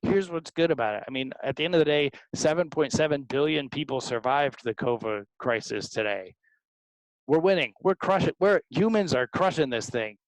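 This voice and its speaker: A man's voice: mid-range voice, moderate pace, dry recording, rough recording. Punchy man with a dry sound. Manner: animated, tag questions, acts out callers. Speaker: sales author and guest. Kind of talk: energetic interview talk.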